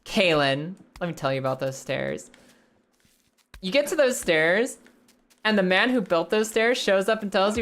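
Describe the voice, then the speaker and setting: A woman's voice: medium pitch, animated, normal speed, a bit bright. A young woman casually chatting to her live chat while playing a game, swearing now and then. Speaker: streamer. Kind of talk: live gameplay commentary.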